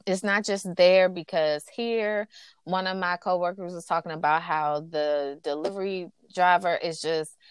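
A woman tells a story in casual, chatty conversation. Her voice is smooth and a little low, recorded close and dry. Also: steady tone, a little slow, no room sound. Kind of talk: casual chat.

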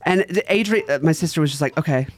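A man's voice: fairly high pitch, quick pace, slight background noise. A young man, a podcast guest, telling a story casually, acting out quotes and laughing often. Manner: animated, acts out quoted voices, laughs often.

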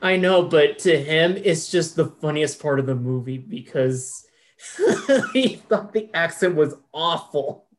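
A young man, a guest on a podcast, telling a story in relaxed casual chat with "you know" fillers. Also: a little high, measured pace. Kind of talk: casual chat about a movie.

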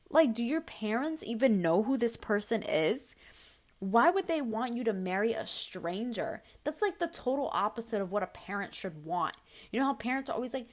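A woman's voice: medium pitch, animated, moderate pace. Blunt, fired-up young woman podcaster. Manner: blunt, swears a lot, heated and emphatic. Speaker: podcast host answering listener questions. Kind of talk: casual advice podcast.

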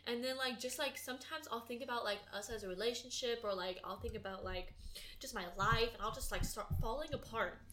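A woman's voice: on the high side, brisk, crowd noise. A young woman co-hosting a podcast in casual chat, talking openly and emotionally with many fillers like "like". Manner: emotional, animated, lots of "like". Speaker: podcast co-host.

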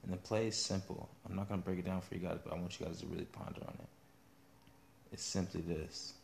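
A man's voice: low voice, flat delivery, fairly quick, creaky, a little mellow, a little hiss or hum. A man hosting a podcast, chatting casually in a playful, teasing way. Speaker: podcast host.

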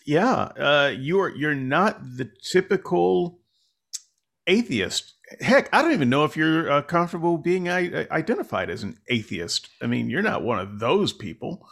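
A man's voice: a little high, big pitch swings, measured pace, gravelly, a bit bright. A man hosting a casual podcast conversation, rambling and self-deprecating, with many fillers and restarts. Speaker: podcast host.

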